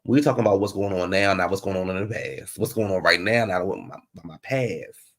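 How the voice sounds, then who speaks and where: A man giving a casual recap of a reality TV episode. He is sassy and animated, jumping between loud outbursts and muttered asides. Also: deep voice, a little fast.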